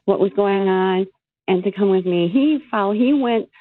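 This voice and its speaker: A woman's voice: mid-range voice, normal speed, dry recording. A woman calling in to a radio show, telling her story in a blunt, emphatic way. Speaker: caller. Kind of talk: call-in storytelling. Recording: tinny phone line.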